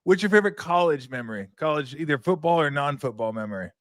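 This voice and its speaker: A man's voice: on the high side, expressive, quick pace, no room sound. A man in his sixties hosting a casual interview, laid-back and chatty. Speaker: host. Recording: dry close recording.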